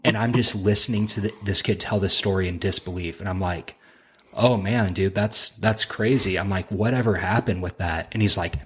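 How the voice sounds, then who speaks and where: A man's voice: low voice, moderate pace, a bit bright, slightly rough. A man on a podcast as a guest, casually telling a laugh-filled, profane story from his army days. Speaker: podcast guest, helicopter crew chief.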